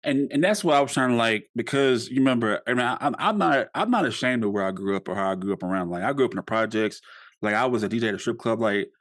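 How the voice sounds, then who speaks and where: A man's voice: medium pitch, lively intonation, quick pace, fairly bright tone. A young man hosting a podcast, talking casually and rambling with many fillers and restarts. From United States. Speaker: podcast host.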